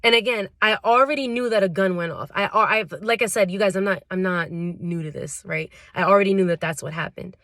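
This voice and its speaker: A woman's voice: medium pitch, fairly quick, hardly any pauses, a bit bright, no room sound, clean studio sound. A young woman vlogger telling a storytime tale in casual slang, full of fillers. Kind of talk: storytime vlog.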